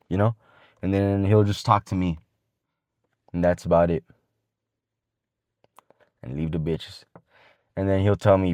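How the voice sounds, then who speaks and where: A man's voice: deep voice, steady tone, moderate pace, pauses often, a little mellow, no room sound. A man giving casual dating advice to the camera, talking in slang and swearing freely as he rambles along with restarts.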